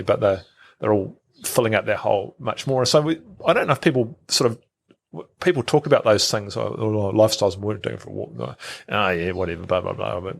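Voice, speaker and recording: A man's voice: fairly low pitch, vocal fry, husky. A middle-aged man, a podcast guest who talks casually, repeats words and acts out quoted thoughts. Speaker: guest, health researcher.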